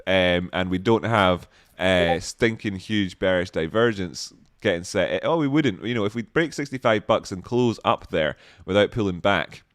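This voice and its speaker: A man hosting a livestream, chatting casually and reading out viewer comments with jokes and sudden excited exclamations. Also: fairly low pitch, no room sound, studio quality. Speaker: livestream host.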